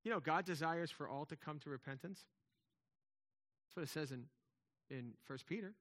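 Bright-voiced male pastor preaching. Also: fairly high pitch, normal speed. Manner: conversational preaching, emphatic swells, many restarts. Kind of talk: sermon.

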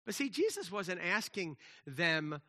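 A man preaching a sermon, casual and conversational, with slang, moving between lively emphasis and hushed, soft passages. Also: sits high, measured pace. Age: adult with children. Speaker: pastor.

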